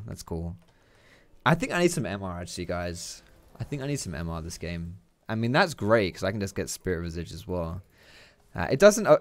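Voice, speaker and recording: A man's voice: fairly low pitch, darkish tone, dry recording. A young man giving casual, chatty commentary over his own gameplay, swearing and tossing out teasing asides.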